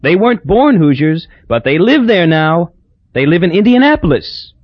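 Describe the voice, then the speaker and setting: A man reading aloud, voicing a chatty, excitable middle-aged woman with a gravelly edge. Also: a little high, moderate pace, dry recording, voice pushed up. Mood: gushing. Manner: gushing, emphatic. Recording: dull lo-fi audio.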